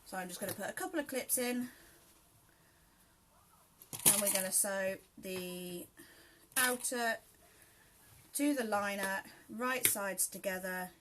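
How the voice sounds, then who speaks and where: A woman's voice: mid-range voice, takes it slowly, pauses often, background noise. A woman with a southern English accent picked up with South Yorkshire touches hosts a live sewing tutorial. She talks in a chatty, friendly way, greeting viewers by name between steps. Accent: southern English mixed with South Yorkshire. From southern England. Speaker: sewing host. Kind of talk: live sew-along tutorial.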